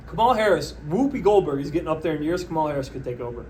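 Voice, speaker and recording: Man, fairly high voice, sarcastic and mocking, solo rant, faint background noise. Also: racing, few pauses. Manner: sarcastic, mocking, deadpan pitching. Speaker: podcast host. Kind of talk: solo comedic political rant.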